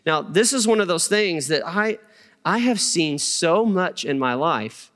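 A middle-aged male pastor preaches in an animated, storytelling way, his high, bright voice clear and smooth. His words ring out with a long reverb that fills the church hall. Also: measured pace. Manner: animated storytelling with humor and asides to the congregation. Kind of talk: sermon. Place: church sanctuary.

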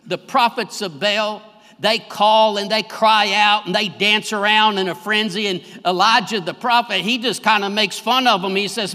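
A man preaching a fervent sermon as pastor, swelling louder on his key phrases. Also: high voice, steady tone, normal speed. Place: church sanctuary. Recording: long reverb of a large hall.

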